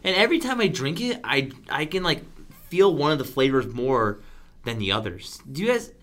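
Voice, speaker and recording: A man's voice: medium pitch, big pitch swings, moderate pace, a bit bright. A young man co-hosting a casual podcast, playful and hesitant, often correcting himself. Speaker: podcast co-host.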